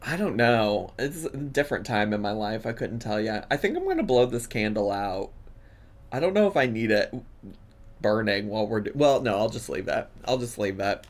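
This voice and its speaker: A man's voice: fairly low pitch, very animated, normal speed. A man in his thirties giving casual, playful reaction commentary, laughing often. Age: 30s. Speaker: YouTube reaction host.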